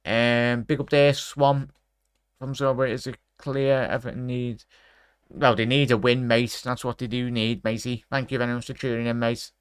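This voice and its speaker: A young man from England hosts a football watchalong, chatting loosely with his viewers and calling everyone mate. His voice sits at an ordinary middle pitch. The sound is close and dry, with no room around it. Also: level tone, moderate pace, clean tone, dry recording. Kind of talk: casual live-stream chat and match commentary.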